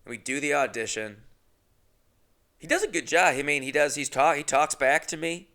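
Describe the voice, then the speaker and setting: A man's voice: fairly high pitch, animated, moderate pace, pushed and bright. A young man, a comedian and podcast host, telling a crude, brash, profane anecdote. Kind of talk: comedic storytelling.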